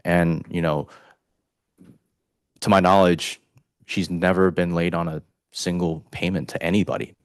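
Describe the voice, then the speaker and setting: A man testifying as a witness in a courtroom, speaking haltingly with many "you know" fillers. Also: low voice, level tone, dry recording, clean studio sound.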